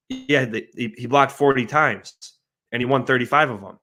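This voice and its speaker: Man, mid-pitch, animated sports-panel analyst, arguing a point. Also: moderate pace. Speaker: podcast panelist.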